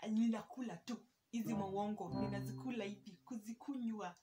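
A woman's voice: medium pitch, steady tone, fairly quick. A young Kenyan woman with a Kenyan accent telling a storytime vlog, chatty and self-mocking, dropping Swahili words into her English. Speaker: vlogger. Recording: music playing underneath.

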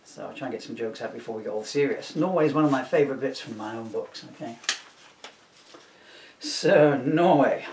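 A man's voice: mid-range voice, a little fast, a little mellow, far from the mic, slight background noise. A man reading from his own comic book, chatty and self-mocking, with asides. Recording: roomy echo, voice from off-mic.

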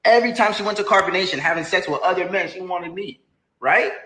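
A man giving a rambling, emotional confessional rant, now and then rising into shouted outbursts. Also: high voice, fast talker. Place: home, near a shower. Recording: echoey room.

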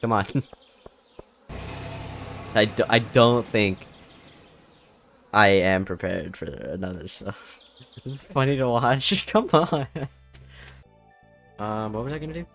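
A man's voice: on the low side, animated, slow pace, pauses often. Man, streamer, casual chatting to his viewers, desk mic, faint game music behind. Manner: mumbles to himself, then shouts and laughs when surprised. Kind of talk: casual gameplay livestream chat.

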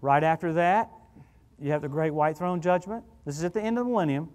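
A middle-aged man preaching as a guest minister, telling stories in an animated, conversational way. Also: a little high, brisk. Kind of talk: sermon. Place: church sanctuary. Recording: church hall reverb.

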